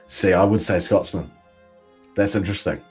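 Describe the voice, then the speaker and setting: A man's voice: low voice, steady tone, normal speed, a little mellow, husky, faint music behind. A man co-hosting a casual chat, who teases and laughs often.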